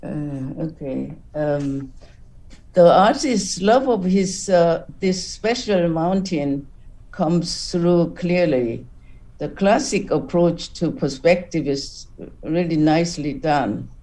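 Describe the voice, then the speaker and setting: Man, judge, slow appreciative critique, mellow tone. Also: a little high, lively intonation. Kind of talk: brief art critique.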